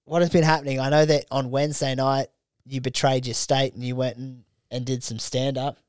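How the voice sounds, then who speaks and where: A man's voice: medium pitch, brisk, smooth, no room sound, clean studio sound. Swearing young Australian man telling stories. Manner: animated, acts out quotes, heavy swearing. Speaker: podcast co-host. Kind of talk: casual crude storytelling.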